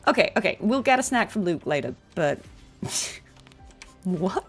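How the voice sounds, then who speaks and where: A voice actress chatting casually on a game stream and answering viewer questions. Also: female voice, on the low side, big pitch swings, a little slow, husky, soft background music. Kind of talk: casual livestream chat.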